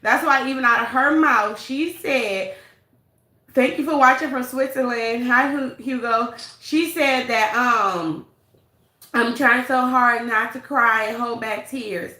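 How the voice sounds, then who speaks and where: A woman's voice: on the high side, takes it slowly, pushed and bright, echoey room. A woman hosting a casual live-stream gossip commentary, blunt and sassy, greeting viewers by name. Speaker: livestream commentary host.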